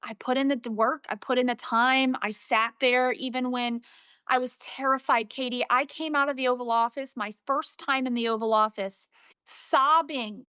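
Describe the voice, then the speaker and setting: A young woman from Central Illinois, a journalist, telling animated, emotional stories as an interview guest. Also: sits high, moderate pace, clear, resonant tone, no room sound, studio quality. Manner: emotional, animated storytelling with quoted dialogue. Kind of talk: storytelling in a casual interview.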